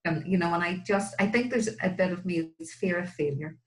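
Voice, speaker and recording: Brief: woman, 60s, low voice, candid, self-deprecating guest. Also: fairly quick, low-quality recording. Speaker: guest, Irish language learner. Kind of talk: casual interview chat.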